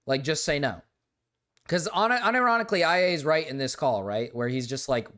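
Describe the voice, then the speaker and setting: A man's voice: on the high side, expressive, fairly quick, fairly bright tone. A young man hosting a live stream, talking casually in a rambling, exasperated way, full of "like" and repeated words. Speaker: livestream host.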